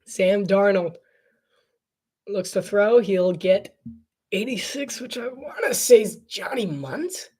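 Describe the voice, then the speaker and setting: A woman giving casual live commentary on a football game, chatty and playful and quick to laugh. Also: mid-range voice, lively intonation, a little mellow, breathy edge.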